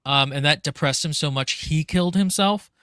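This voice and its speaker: A man's voice: fairly high pitch, normal speed, fairly bright tone, clean tone, dry recording, clean studio sound. A man co-hosting a book podcast who chats about the story with many fillers. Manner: chatty, with fillers and laughs. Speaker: podcast co-host. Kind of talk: casual book discussion.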